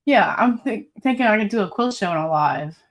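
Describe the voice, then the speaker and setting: A woman's voice: medium pitch, animated, a little fast. A woman hosting a casual live stream, reading viewer comments aloud in a chatty, rambling way and laughing often. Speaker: livestream host.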